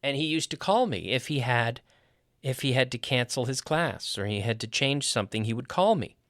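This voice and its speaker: A man's voice: medium pitch, lively intonation, normal speed, fairly bright tone, dry recording, clean studio sound. A man teaching a lesson on a podcast, explaining with repeated spoken examples and rhythm drills. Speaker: English teacher.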